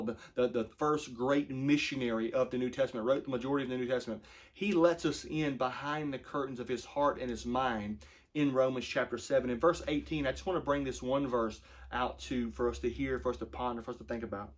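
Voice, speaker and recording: A man in his thirties, a pastor giving a short devotional sermon in an earnest, conversational way, slowing down to read scripture. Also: mid-range voice. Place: church.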